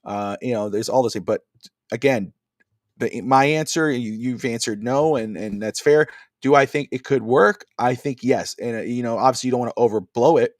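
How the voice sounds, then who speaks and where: A man's voice: mid-range voice, moderate pace, no echo, studio quality. A man co-hosting a casual wrestling podcast over a video call, rambling with many fillers and restarts. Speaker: podcast co-host.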